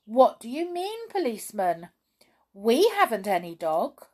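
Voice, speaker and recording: A woman's voice: high-pitched, animated, measured pace, darkish tone, voice pushed up. A woman voicing an upset young girl in a children's storybook reading, speaking indignantly. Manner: indignant, complaining.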